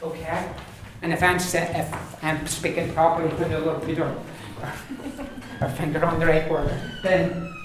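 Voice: medium pitch, moderate pace, few pauses. A teacher with a Donegal Irish accent leads a pronunciation class, patiently repeating each word with small asides. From Donegal, Ireland. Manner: patient and repetitive, says each word several times, with asides and small laughs. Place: large echoey classroom with a group of learners. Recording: echoey room, distant mic, background noise.

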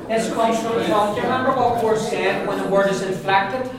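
A man's voice: high voice, steady tone, a little fast, over a noisy crowd. Man teaching in an echoey classroom. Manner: explains in loose restarts, checks with the class often. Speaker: Irish language teacher. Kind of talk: classroom lesson. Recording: echoey room from far off, noisy.

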